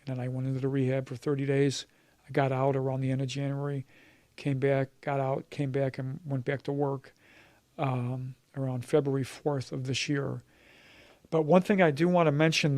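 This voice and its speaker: A man in his mid-fifties tells his own story in a halting, earnest way, with frequent pauses and restarts. His voice is gravelly and stays fairly level in pitch. The recording is dry and close, with little room sound. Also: darkish tone, dry recording. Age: 50s. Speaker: church member sharing his testimony. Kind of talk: personal testimony in conversation.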